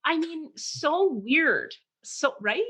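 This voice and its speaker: Casting woman podcast co-host, lively storyteller who acts out quotes. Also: sits high, drawn-out words. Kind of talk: casual chat.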